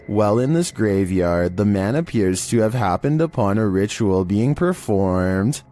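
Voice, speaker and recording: A man hosting and narrating a scripted countdown in a steady monotone delivery. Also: lowish voice, measured pace. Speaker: host and narrator.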